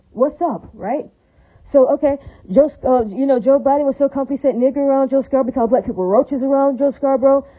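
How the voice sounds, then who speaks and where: A woman's voice: fairly high pitch, warm tone, rough recording. A woman delivering a rambling, heated monologue. She swears freely, repeats herself, asks the listener questions and keeps adding "right?" and "all right, now". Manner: rapid, heated, profane, with constant "right?" and "all right, now" tags.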